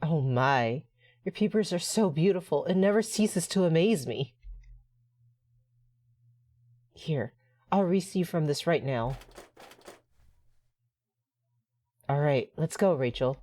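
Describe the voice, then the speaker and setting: A woman voicing a creepy, soft-spoken male doctor obsessed with eyes, reading game dialogue aloud in a slow, sinister croon. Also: low voice, animated, no echo. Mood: delighted.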